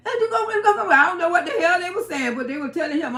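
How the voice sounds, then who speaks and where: High-voiced, profane woman storyteller. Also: quick pace, hardly any pauses. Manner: profane, animated, laughs and cries while telling. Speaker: live-stream host. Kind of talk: storytelling to viewers. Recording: roomy echo.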